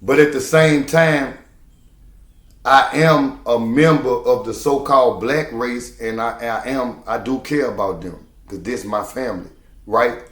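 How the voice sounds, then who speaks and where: A man's voice: mid-range voice, a little slow, a bit bright, reverberant. A man who drives trucks, talking to the camera in a preachy, emphatic way and hammering home repeated phrases. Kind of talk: casual monologue to camera.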